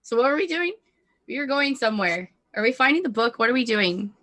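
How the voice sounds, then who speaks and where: A woman chats and teases her fellow players at a tabletop game, giggling often. Her voice is bright and a little high. It sounds dry and close to the mic. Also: sing-song, brisk, no room sound. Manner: giggly, teasing. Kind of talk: tabletop role-play chat.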